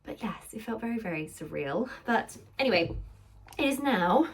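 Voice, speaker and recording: A woman's voice: on the high side, expressive, normal speed. A young woman chatting casually to camera at home in an upbeat way, with many fillers. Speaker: vlogger. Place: home, indoors. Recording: camera mic from a distance, faint ambient noise.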